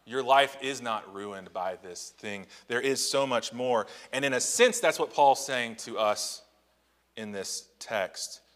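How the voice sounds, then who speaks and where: Slow and a bit bright, the medium-pitched voice of a male pastor fills a big room as he delivers a Sunday morning sermon in the church sanctuary. Rather than sounding formal, he talks conversationally, tossing out rhetorical questions and slowing further on key lines to let them hit.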